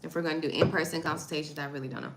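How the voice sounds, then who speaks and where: Chatty woman with gravelly voice. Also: low voice, fairly even intonation, very fast, echoey room, very noisy. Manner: chatty, talks to chat, reads text aloud. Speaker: livestream host. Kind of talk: casual livestream chat.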